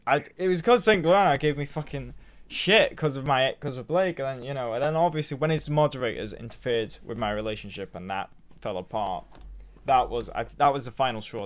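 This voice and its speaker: A man's voice: mid-range voice, normal speed. Swearing young British man on a call. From Britain. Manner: heated, swears freely. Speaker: guest. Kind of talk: casual online chat.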